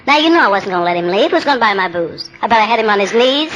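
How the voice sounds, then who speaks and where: A woman's voice: medium pitch, expressive, racing, a bit bright, poor audio. A woman in her seventies speaking at a meeting, telling her own recovery story in a candid, plainspoken way with wry humor. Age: 70s. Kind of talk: personal testimony talk.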